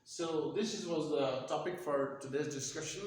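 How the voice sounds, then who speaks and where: Male teacher, deliberate halting delivery, raised pitch, very reverberant room. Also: slight background noise. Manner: deliberate, hesitant with many fillers. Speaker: English teacher. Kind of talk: whiteboard lesson on pronunciation. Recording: very echoey room.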